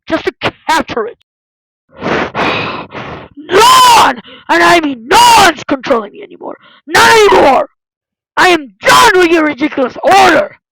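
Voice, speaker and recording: A woman doing a solo fan dub of an animation, voicing every character with lots of yelling and screaming, through a deliberately overdriven mic. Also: extremely high pitch, expressive, creaky, no echo, full character voice, low-quality recording. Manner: yelling, screaming, dramatic shifts between roles. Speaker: fan voice-over artist. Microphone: deliberately distorted cheap mic.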